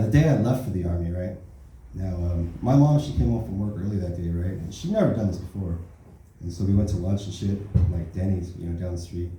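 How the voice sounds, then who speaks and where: A man's voice: fairly low pitch, mellow, slight background noise. Profane stand-up man in an echoey club. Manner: profane, rambling storytelling, tag questions. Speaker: stand-up comedian. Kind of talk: stand-up comedy set. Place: open mic comedy club. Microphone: handheld stage mic. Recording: roomy club sound from far off.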